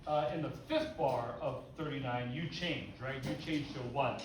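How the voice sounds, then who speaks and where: A man's voice: mid-range voice, moderate pace, few pauses, slight background noise. A man working as a band clinician, giving rehearsal instructions, counting off and singing rhythms on syllables. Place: large rehearsal room. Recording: echoey rehearsal hall, far mic. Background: band playing.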